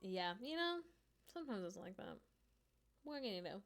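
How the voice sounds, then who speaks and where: A woman's voice: mid-range voice, sing-song, normal speed. Play a chatty, giggly woman streamer over game music. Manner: chatty, giggly, many fillers. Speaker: live streamer. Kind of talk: casual chat while gaming.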